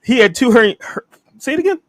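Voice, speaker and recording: A man co-hosting a casual wrestling review podcast, animated and laughing often. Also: very high voice, fast. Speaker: podcast co-host.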